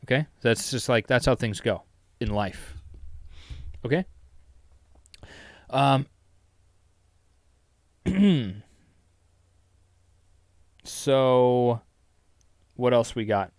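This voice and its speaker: A man's voice: mid-range voice, lively intonation, very slow, long pauses, no echo, clean studio sound. A man hosting his own solo podcast from his basement, rambling, mocking himself and swearing freely. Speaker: solo podcast host and YouTuber. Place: home basement.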